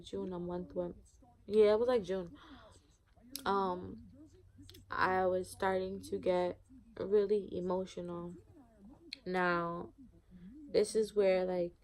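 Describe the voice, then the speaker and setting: Young woman vlogger, lowish flat voice, chatty storytime ramble, lots of "like". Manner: rambling, heavy use of "like", candid. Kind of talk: casual storytime monologue.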